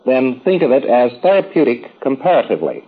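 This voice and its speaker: A man's voice: medium pitch, big pitch swings, a little fast, breathy edge, narrow, tinny audio. A man giving a rambling, folksy, informal lecture to trainees, with wry asides.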